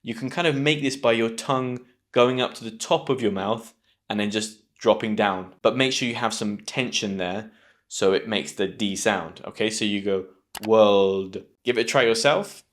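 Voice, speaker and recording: A British man with a fairly low pitch and fairly bright tone leads an online lesson on English pronunciation. Patient and clear, he takes it slowly, drilling sound by sound.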